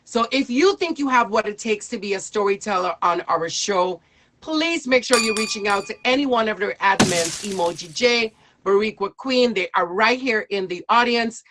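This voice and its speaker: A woman's voice: mid-range voice, lively intonation, normal speed, background noise. A woman hosting a live storytelling stream, upbeat and encouraging toward her guests.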